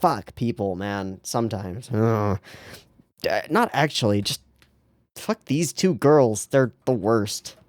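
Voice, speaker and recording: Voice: mid-range voice, takes it slowly, no echo, studio quality. A young adult anime reaction host giving casual, joking commentary, swearing freely and laughing often.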